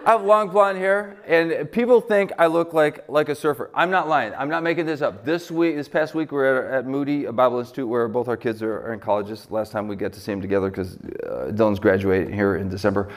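A middle-aged man from Buffalo preaching a sermon as pastor, conversational and joking, with lively swings in pitch. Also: a little fast, few pauses. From Buffalo, New York.

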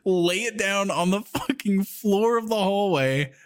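A man in his thirties chatting casually on a podcast, telling profane stories with lively impressions of others. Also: unhurried. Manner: profane, animated storyteller, acting out others' lines in a high voice. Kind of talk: casual chat, storytelling.

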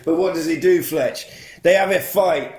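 A man's voice: on the high side, normal speed, roomy sound. A man co-hosting a podcast, telling a film's plot in a sweary, comedic way and putting on voices. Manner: sweary, animated retelling with put-on character voices. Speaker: podcast co-host. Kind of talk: casual comedic film recap.

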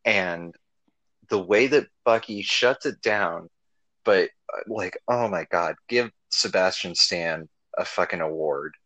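A man's voice: low voice, slow pace, pushed and bright, dry recording, rough recording. A man co-hosting a podcast, gushing enthusiastically about a show and swearing freely. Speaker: podcast co-host. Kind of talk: casual chat.

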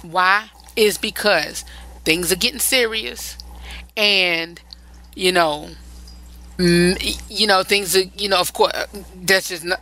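On a low-quality recording, a woman with a fairly low pitch and sharp tone hosts a relationship advice program. She chats casually, repeats phrases for emphasis, and frequently rambles before starting again.

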